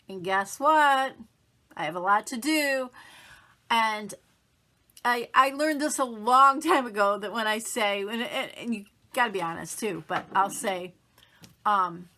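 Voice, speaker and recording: A woman's voice: mid-range voice, sharp tone. A middle-aged woman giving a casual, upbeat motivational talk to camera, chatty and acting out the things people say to themselves. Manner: chatty, upbeat, acts out quoted self-talk. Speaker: motivational vlogger.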